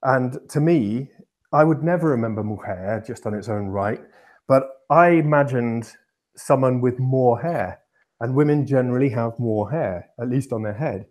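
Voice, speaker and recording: A man's voice: medium pitch, normal speed, darkish tone. A man from England co-hosting a podcast, explaining at length in a casual, rambling way with many restarts. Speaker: podcast co-host.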